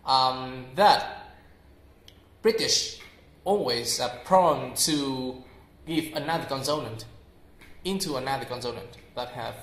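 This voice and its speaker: A young man with a Vietnamese accent giving an informal English lesson, filling pauses with "uh" and saying example words aloud again and again. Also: medium pitch, fairly bright tone, roomy sound. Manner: explains slowly with many fillers and repeats example words aloud. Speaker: English teacher.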